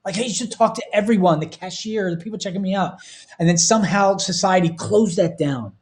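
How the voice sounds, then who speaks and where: A man's voice: sits high, brisk, darkish tone. A man in his thirties talking earnestly and emotionally on a casual podcast. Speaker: podcast host.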